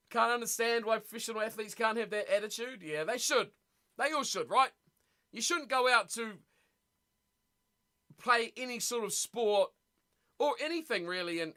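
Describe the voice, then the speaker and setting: A man's voice: high voice, pushed and bright. A man hosting a rugby watch-party stream, ranting bluntly in casual chat and reacting to viewer comments.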